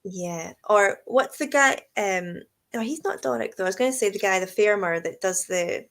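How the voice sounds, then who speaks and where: A woman's voice: medium pitch, moderate pace, a bit bright. Laughing Aberdeenshire woman co-host. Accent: Scottish, Aberdeenshire. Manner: chatty, laughs often. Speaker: co-host, whisky tour guide. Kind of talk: casual live chat.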